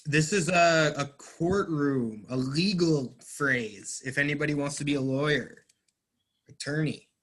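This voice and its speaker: A man teaching an English class, explaining words patiently and clearly and praising his students. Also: fairly high pitch, unhurried, a bit bright. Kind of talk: online class recap.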